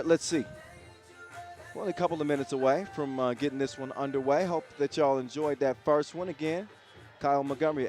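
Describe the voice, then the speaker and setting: A man's voice: a little high, darkish tone. A man giving live play-by-play commentary at an outdoor event, chatty and joking between plays. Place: outdoor event in a city square.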